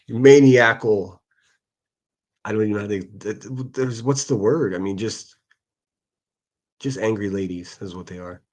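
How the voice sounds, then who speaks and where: A man's voice: fairly low pitch, darkish tone. A man hosting a solo livestream, reading out hostile comments and answering them in a sarcastic, profane rant. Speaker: livestream host.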